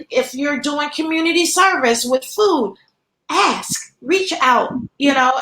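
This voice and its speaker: Woman, 50s, pastry chef guest, high voice, earnest and warm, echoey remote recording. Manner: warm, heartfelt, many fillers. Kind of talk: casual interview chat. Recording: echoey room.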